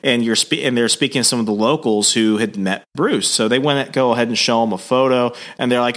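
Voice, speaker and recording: Animated male podcast co-host. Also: medium pitch, brisk, hardly any pauses. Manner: animated storyteller, slips into voices. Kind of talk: casual chat, recapping a comic.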